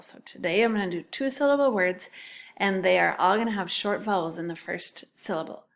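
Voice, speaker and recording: A woman teaching a children's spelling lesson, patiently sounding out words syllable by syllable. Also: mid-range voice.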